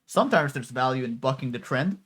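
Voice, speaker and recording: A man voicing a suave older woman, a theater patron, in a smooth, knowing manner while reading a game story aloud. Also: mid-range voice, lively intonation, brisk, fairly bright tone.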